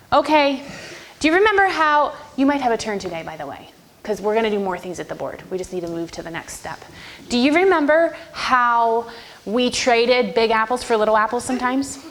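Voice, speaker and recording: A woman music teacher leading a first-grade class, firm and clear, sometimes breaking into a sung or high voice to show a rhythm. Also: a bit bright, a little hiss or hum.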